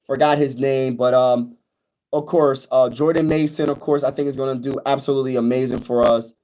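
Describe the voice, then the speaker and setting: A man hosting a casual sports fan livestream, talking excitedly and repeating himself, calling viewers y'all and bro, recorded on a phone with no external mic that crackles when he gets loud. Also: a little fast. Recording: audio crackles on louder high notes.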